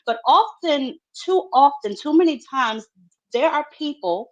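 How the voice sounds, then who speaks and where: Female panelist, measured and deliberate, dull lo-fi remote audio. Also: high-pitched, expressive. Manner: measured, builds her point in long run-on questions. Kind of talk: heated sports talk debate.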